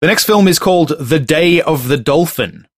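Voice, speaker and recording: A man's voice: fairly high pitch, expressive, no echo. Man hosting a dry-sounding podcast quiz. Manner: joking, laughs often, reads taglines in a slow dramatic voice. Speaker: podcast host running a movie tagline quiz. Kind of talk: casual podcast chat.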